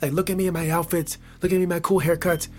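A man from Michigan with a Michigan accent, hosting a podcast in a playful casual monologue, laughing often and dropping from loud hype to near whispers. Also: fairly high pitch, level tone, quick pace, a little hiss or hum. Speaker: podcast host.

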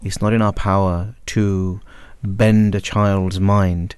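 A man on a discussion panel speaking in a reflective, philosophical and measured way. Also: sits low, flat delivery, a little mellow, clear, resonant tone, no room sound. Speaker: panel guest.

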